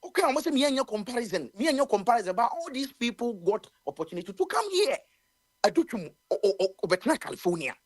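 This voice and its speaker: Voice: medium pitch, sing-song, quick pace, no room sound. A radio talk show commentator with a Ghanaian accent, speaking heatedly with many stammered restarts. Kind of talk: impassioned call-in radio commentary.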